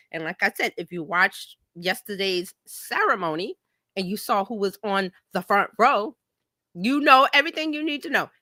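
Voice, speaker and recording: A woman hosting a casual livestream, her voice bright and lively, bouncing up and down as she jumps into playful quoted voices. The sound is close and dry, with no room around it. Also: fairly high pitch, dry recording. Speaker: livestream host and marketing coach. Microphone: home streaming mic.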